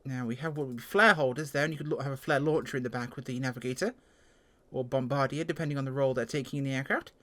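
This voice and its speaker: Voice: fairly even intonation, fast talker, a bit bright. Chatty English flight sim reviewer. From England. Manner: chatty, self-deprecating, jumps in pitch. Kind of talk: casual first-look game review.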